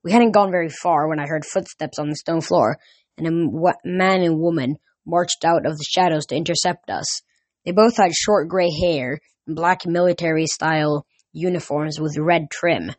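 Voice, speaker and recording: Brief: relaxed amateur story reader, even middle pitch, dry close mic. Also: no echo. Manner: casual, with slips and restarts. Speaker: audiobook reader. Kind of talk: first-person story reading.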